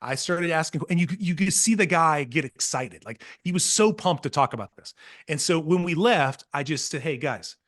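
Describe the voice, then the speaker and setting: A man guest on a podcast, telling parenting stories with earnest, animated energy and acting out what others said. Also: a little high, moderate pace. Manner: earnest, animated storytelling, acts out quotes. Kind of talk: casual podcast conversation.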